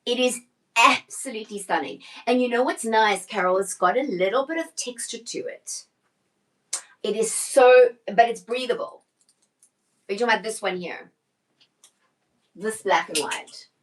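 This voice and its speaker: A woman's voice: on the high side, moderate pace, long pauses, fairly bright tone, rough recording. A middle-aged woman, a personal stylist, chatting casually on a live shopping stream, answering viewer questions and often restarting her sentences.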